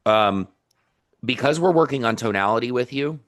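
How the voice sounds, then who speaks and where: Stammering, animated male phone coach. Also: medium pitch, moderate pace. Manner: animated, stammering restarts, acts out lines. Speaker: sales call coach. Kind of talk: coaching feedback on a video call.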